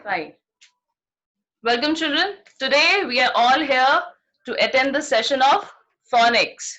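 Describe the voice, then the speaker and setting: A woman's voice: sits high, lively intonation, a little slow, pushed and bright. A woman teacher with an Indian accent, giving an online phonics class to young children over a video call and checking understanding with "right?". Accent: Indian English. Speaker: primary school teacher.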